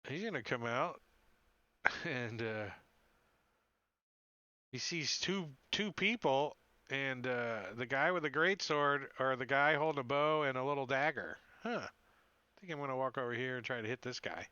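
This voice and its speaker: A man's voice: mid-range voice, a little slow, bright, forceful tone, clean tone, no room sound, dull audio. A man running a tabletop game as game master, narrating loosely with frequent laughs.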